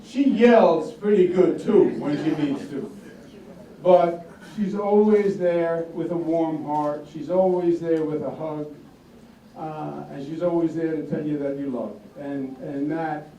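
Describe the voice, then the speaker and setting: A man's voice: on the high side, a little slow, mellow. Older man with a Queens accent, echoing speech. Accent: Queens, New York. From Queens, New York. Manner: folksy, emphatic, repeats lines for effect. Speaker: political candidate. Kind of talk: campaign speech. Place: echoey indoor office hall. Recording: echoey, distant room recording with faint noise.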